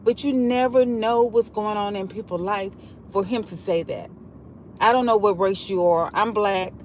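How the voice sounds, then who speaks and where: A woman's voice: mid-range voice, moderate pace. A woman hosting a casual livestream from her car while she drives, rambling and repeating herself in a heartfelt way. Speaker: livestream host. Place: in a car on the road. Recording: loud road and traffic noise.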